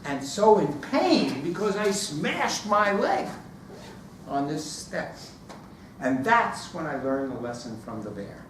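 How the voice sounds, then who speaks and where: Slowly and with a fairly high pitch, a man tells a story at a speaking club, bringing scenes to life with animated sound effects. The recording is echoey and far from the mic, with slight background noise.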